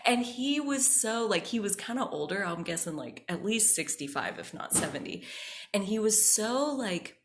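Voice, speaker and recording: A woman hosting a podcast, telling a personal story in a casual, animated way, often saying "like" and acting out the voices she quotes. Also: medium pitch, normal speed. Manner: animated, acts out quoted voices, frequent "like" fillers. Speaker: podcast host.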